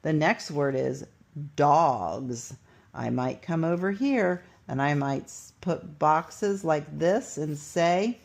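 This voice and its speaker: Woman teacher, low gravelly voice, unhurried, patient instructional delivery. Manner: patient, step-by-step, sounds out words slowly. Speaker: teacher demonstrating a writing lesson. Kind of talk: instructional walkthrough.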